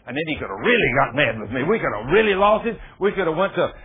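A man's voice: on the high side, big pitch swings, fast talker. A man preaching a sermon in a folksy, storytelling way with plain dialect grammar. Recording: tinny phone-like radio broadcast.

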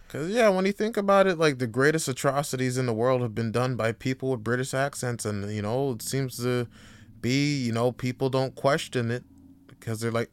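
A man hosting a podcast, talking casually and profanely, swinging from heated rants to quiet musing. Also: medium pitch, moderate pace, smooth. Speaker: podcast host. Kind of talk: casual monologue.

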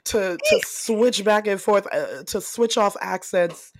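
A woman's voice: mid-range voice, expressive, slow pace, no echo, studio quality. A young woman co-hosting a casual chat show, playful and laughing often. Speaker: podcast co-host.

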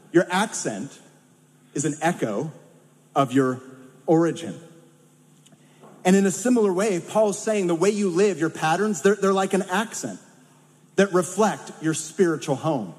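A man's voice: high voice, lively intonation, measured pace, pauses often, darkish tone. A man from California with a Californian accent, preaching a sermon in a conversational way with humorous asides. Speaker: pastor. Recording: long hall reverb.

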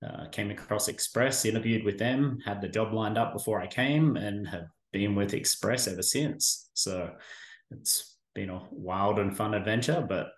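A man's voice: fairly low pitch, moderate pace. A middle-aged Australian man with an Australian accent, chatting easily in an interview with a dry, self-deprecating humor. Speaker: staffing firm guest. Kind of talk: casual interview. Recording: roomy echo.

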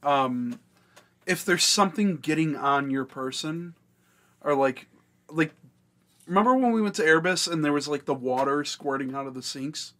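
A man's voice: a little high, normal speed, sharp tone. A man co-hosting a podcast, ranting with irritation and swearing in casual chat. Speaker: podcast co-host.

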